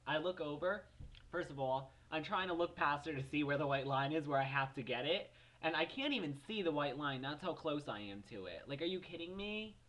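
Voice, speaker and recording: A man's voice: a little high, fairly quick. Profane, exasperated seventeen-year-old guy vlogging. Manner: animated, profane, exasperated storytelling. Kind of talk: casual vlog rant.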